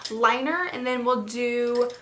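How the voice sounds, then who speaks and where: A young woman with a bright, somewhat high voice talks her way through a makeup tutorial in a loose, rambling way, full of fillers. Her throat sounds a little hoarse. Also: slow pace, slight background noise. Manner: chatty, rambling with many fillers. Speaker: beauty vlogger. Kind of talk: casual makeup tutorial chat.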